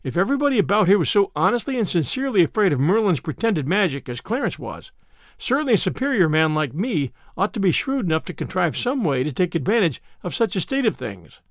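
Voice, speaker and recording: A man reading a first-person audiobook narration in an expressive way. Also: high-pitched, quick pace, no room sound, clean studio sound.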